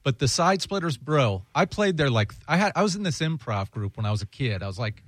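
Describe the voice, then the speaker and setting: A man's voice: medium pitch, big pitch swings, brisk, dry recording, clean studio sound. A man, a guest comedian, chatting casually and telling road stories in a laid-back way. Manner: laid-back storyteller, says "dude" and "bro". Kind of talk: casual chat.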